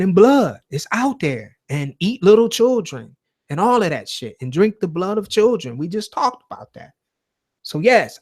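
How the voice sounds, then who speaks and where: A man runs his own live show from home in a loose, rambling way, swearing as he goes. His voice sits a little high for a man. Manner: profane, rambling, conversational. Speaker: host of a live call-in show. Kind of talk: casual livestream talk.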